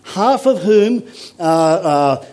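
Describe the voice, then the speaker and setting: A man's voice: high voice, lively intonation, very slow, darkish tone. A man preaching a sermon as a pastor, earnest and emphatic, often stopping to ask the congregation rhetorical questions.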